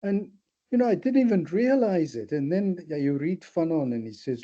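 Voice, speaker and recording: An older man from South Africa, a therapist, talking things through in a thoughtful, animated way with many restarts. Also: a little high, moderate pace. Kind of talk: reflective discussion. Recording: slightly dull lo-fi audio.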